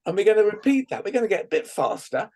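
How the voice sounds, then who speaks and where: A man leading a guided laughter exercise over a video call, playful and gently coaxing, often laughing. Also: sits high, very animated, fast. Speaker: laughter workshop leader.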